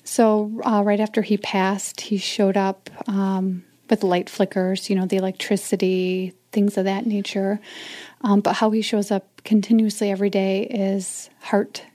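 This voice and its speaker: A woman's voice: mid-range voice, flat delivery, measured pace. A middle-aged woman, a mother of four, telling a personal story as an interview guest, often sinking to a near whisper. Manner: soft, often drops to a whisper.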